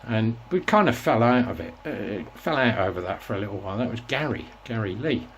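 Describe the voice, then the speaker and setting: A man's voice: on the low side, lively intonation, fairly quick, slight background noise. A man in his sixties, hosting his own show and reminiscing in a casual, rambling monologue with frequent restarts. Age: 60s. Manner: rambling, reflective storytelling with restarts. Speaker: host.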